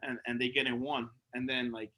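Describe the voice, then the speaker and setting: A man's voice: medium pitch, a little fast, poor audio. A man speaking at a memorial gathering, telling casual stories full of slang and fillers, laughing often and acting out the dialogue. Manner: animated, laughing storyteller who acts out dialogue. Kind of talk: spoken storytelling speech.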